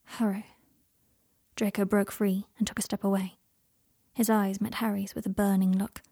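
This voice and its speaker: A woman softly reading a romance story aloud in a hushed, narrating voice. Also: medium pitch, level tone, moderate pace, vocal fry, slightly rough. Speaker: reader. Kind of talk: fan fiction audiobook reading.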